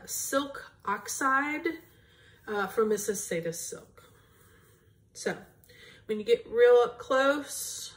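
A woman hosting a cross-stitch video, chatting casually to viewers as she shows her projects. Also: medium pitch. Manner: chatty, rambling, talks straight to viewers. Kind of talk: casual show-and-tell chat.

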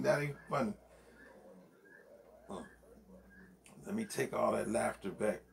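A man's voice: medium pitch, gravelly, a little hiss or hum. A man vlogging from his home man cave, chatting loosely and profanely and laughing often as he rambles. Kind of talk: casual rambling commentary.

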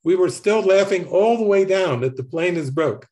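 A man, a spiritual teacher, telling a lively story and laughing often. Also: sits high, normal speed. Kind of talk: storytelling talk.

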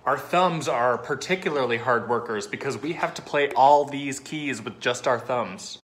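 A man, a bassoonist, explaining to children in simple, patient words how his instrument is played. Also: normal speed, a bit bright. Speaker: orchestra bassoonist. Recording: roomy echo, faint noise.

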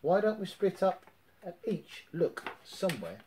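A man's voice: high-pitched, sing-song, a little slow, darkish tone, slight background noise, pitched above the performer's own voice. A man reading a storybook, voicing a kind, sensible young boy.

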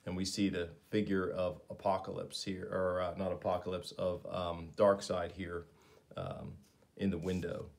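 A man's voice: sits low, flat delivery, moderate pace, creaky. A man giving casual, enthusiastic commentary while reading through a comic, with frequent fillers. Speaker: comics reviewer.

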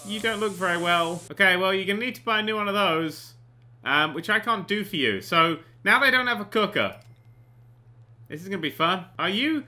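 Man, game commentary, sarcastic, swearing, lively pitch swings, sharp bright tone. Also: normal speed. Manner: excitable, sarcastic, swears freely, bursts into panicked shouting. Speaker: gaming channel host. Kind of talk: comedic let's play commentary.

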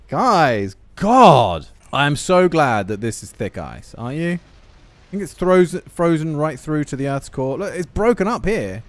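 A man giving jokey, self-mocking gameplay commentary with quick asides. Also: fairly high pitch, sing-song, no echo. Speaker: gaming YouTuber.

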